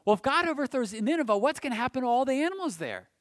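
A man preaching a sermon, swinging from loud emphasis to hushed, almost whispered passages. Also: very high-pitched, very animated, fast talker, no room sound.

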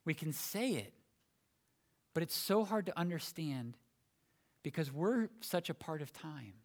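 A man preaching a sermon, explaining a passage phrase by phrase with emphatic pauses and small restarts. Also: fairly high pitch, animated.

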